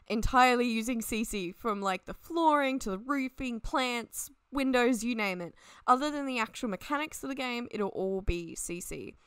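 A young woman rambles casually over a game speed build at her desk at home, laughing often as she goes. Her voice is smooth and clear. The recording is dry and close. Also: fairly high pitch, fairly bright tone, no room sound. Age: young adult. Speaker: Sims 4 builder and YouTuber.

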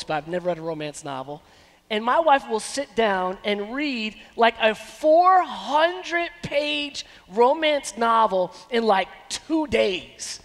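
A man in his thirties preaching a sermon as pastor, animated and given to breaking into snatches of song. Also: extremely high pitch. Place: church sanctuary. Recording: long church hall reverb.

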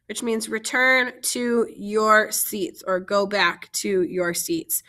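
A woman's voice: medium pitch, slow, few pauses, sharp tone. A woman French teacher giving a vocabulary lesson, carefully modeling each French phrase and then explaining it in English.

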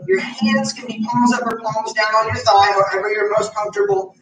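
A man with a high voice leads a gentle chair yoga class, calmly talking students through slow breathing. He sounds set back from the mic in an echoey room. Soft guitar music plays behind him. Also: distant mic. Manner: calm, slow guiding cues. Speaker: yoga instructor. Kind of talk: guided chair yoga relaxation.

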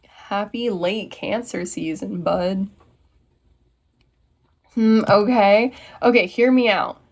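Brief: young American woman, bubbly livestream host, mid-pitched voice, chats with her viewers. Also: takes it slowly, long pauses. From United States. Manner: bubbly, reads viewer comments aloud and answers them. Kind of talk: casual livestream chat.

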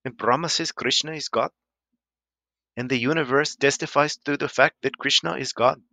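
Man playing pompous preacher, booming sermon voice, bright tone, dry close sound. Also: normal speed, vocal fry, no room sound. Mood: preachy. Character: pompous adult male street preacher.

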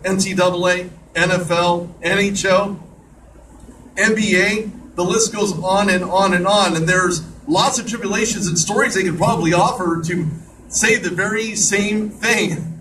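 A man's voice: sits high, fairly even intonation, unhurried. A man hosting an online radio show, talking in a chatty monologue with joking asides. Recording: distant mic with clear background noise.

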